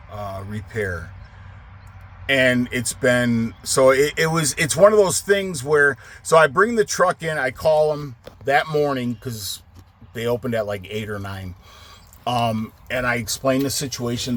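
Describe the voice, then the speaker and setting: A man who owns a trucking company, telling a story casually, swearing a lot and acting out the quotes in a raised voice. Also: mid-range voice. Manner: profane and animated, acts out quotes in a raised voice.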